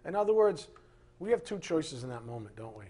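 Husky, higher-pitched middle-aged male preacher; emphatic and rhetorical, swinging loud to soft. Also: very animated, brisk. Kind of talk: sermon.

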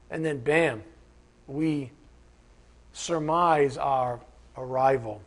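A man's voice: a little high, normal speed, pauses often. A man preaching a sermon in a conversational, emphatic way, acting out imagined voices of his listeners.

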